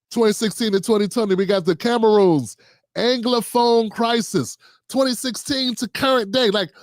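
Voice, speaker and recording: A man's voice: a little high, no room sound, clean studio sound. A man hosting a livestream of political commentary, reading out notes and reacting with heated sarcasm. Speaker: livestream host.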